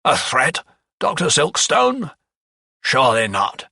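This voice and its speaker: A man's voice: mid-range voice, expressive, normal speed, creaky, bright, forceful tone, no room sound, studio quality, recorded from a distance, exaggerated voice. A man voicing a ruthless, scheming English lawyer who talks in a sneering, sardonic way.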